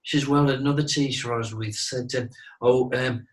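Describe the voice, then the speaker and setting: A man's voice: medium pitch, steady tone, normal speed, recorded from a distance, a little hiss or hum, low-quality recording. A middle-aged man who teaches mediumship, talking earnestly in a casual interview, repeating himself and saying "you know" a lot.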